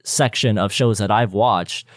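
A man's voice: on the low side, measured pace, no echo, studio quality. An American man hosting a casual interview, asking long rambling questions. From United States. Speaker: podcast host.

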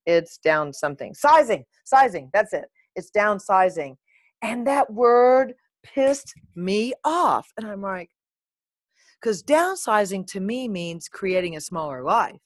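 A middle-aged woman telling a chatty, animated story to her viewers, with a playful, sometimes profane manner. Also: medium pitch, slow, dry recording, clean studio sound. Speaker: vlogger. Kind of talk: casual talking-to-camera monologue.

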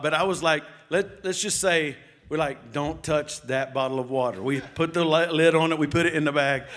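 A man, preaching and telling a lively personal story to his congregation. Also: on the high side. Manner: animated storytelling, addresses the audience as y'all.

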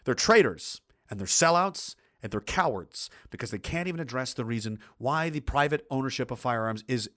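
A middle-aged man hosts a relaxed livestream, reading viewer comments and ranting bluntly with profanity. His medium-pitched voice is bright and forceful, and he rambles, restarts, and breaks into heated outbursts.

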